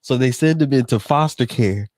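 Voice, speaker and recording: A man's voice: mid-range voice, moderate pace, darkish tone, no echo. A man co-hosting a podcast in casual chat, laughing often and chiming in with short reactions. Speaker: podcast co-host.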